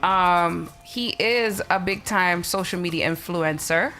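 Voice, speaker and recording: A woman's voice: fairly low pitch, slow, pushed and bright, faint music behind. A woman hosting a live stream chat, laughing often and telling stories with animation. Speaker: host. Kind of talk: casual chat.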